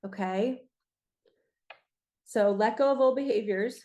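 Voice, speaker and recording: Passionate woman with a raspy throat. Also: mid-range voice, takes it slowly, dark tone. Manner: passionate, emphatic, urging. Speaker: spiritual reader and coach. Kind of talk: earnest spiritual talk to viewers.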